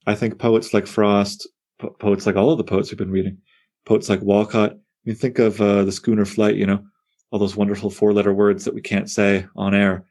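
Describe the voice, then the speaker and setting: Low-voiced man leading a poetry class. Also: moderate pace. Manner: animated, digressive, self-interrupting. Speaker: poetry teacher. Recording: on air class broadcast.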